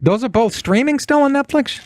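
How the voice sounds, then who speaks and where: A man's voice: normal speed, dry recording, clean studio sound. A man hosting a podcast, chatting casually and exclaiming with big swings in his voice. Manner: animated, exclaiming, swooping pitch. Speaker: podcast host.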